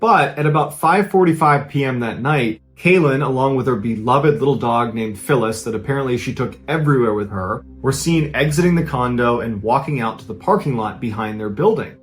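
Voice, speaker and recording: A man recounts a true-crime story, casual and conversational but building suspense. His voice sits at a mid pitch with faint music underneath. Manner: dramatic, conversational retelling.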